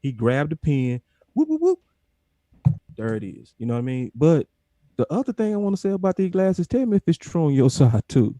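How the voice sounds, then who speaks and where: A man's voice: on the high side, very animated, mellow, no echo. Laid-back man in casual chat. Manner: laid-back, drawn-out, slangy. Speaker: co-host of a fan live stream.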